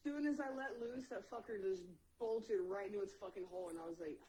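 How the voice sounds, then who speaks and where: A woman's voice: mid-range voice, fast talker, dark tone, low-quality recording. A woman co-hosting a podcast, telling profane backyard anecdotes and acting out the dialogue. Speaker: podcast co-host. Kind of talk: casual storytelling.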